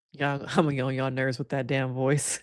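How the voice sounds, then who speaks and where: A woman's voice: a bass voice, no room sound, clean studio sound. A woman giving casual, sassy reaction commentary on a reality show, laughing often and talking in a playful way.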